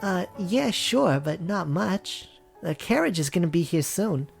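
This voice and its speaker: A man's voice: high-pitched, lively intonation, a little slow, vocal fry, breathy edge, faint music behind, heavily acted. A man voicing a headstrong, cynical young woman in a visual novel reading, brusque and teasing. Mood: hurried.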